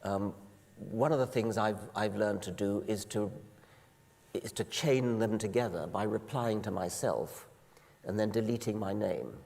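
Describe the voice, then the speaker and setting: A man guest speaker giving measured explanations in an onstage conversation before an audience in a large auditorium. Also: on the low side, gravelly, darkish tone. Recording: long reverb of a large hall.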